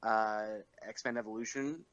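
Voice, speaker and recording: A man's voice: fairly low pitch, measured pace, a bit bright, muffled recording. A young man hosting a podcast, chatting casually and rambling with lots of fillers and chuckles. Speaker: podcast host.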